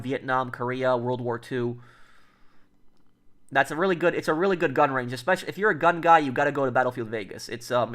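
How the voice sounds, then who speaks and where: A man's voice: mid-range voice, a bit bright. A man streaming and chatting casually with viewers, rambling with lots of fillers and restarts. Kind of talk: casual livestream chat.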